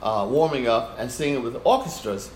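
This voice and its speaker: An older man recalls a story as an interview guest, animated and acting out the voices as he goes. His pitch rises and falls freely. The room around him is echoey, with a faint hiss. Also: moderate pace. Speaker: guest performer. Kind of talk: storytelling in conversation.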